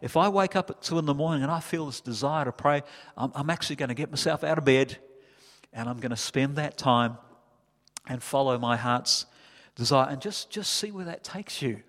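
A man preaching a sermon as pastor, building from calm reflection to loud, impassioned climaxes. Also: medium pitch, moderate pace. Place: church hall. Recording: reverberant church hall.

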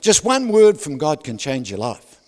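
A man preaching a sermon, loud and animated, who keeps asking the crowd for agreement and drops joking asides with laughs. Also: a little high, normal speed. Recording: long hall reverb.

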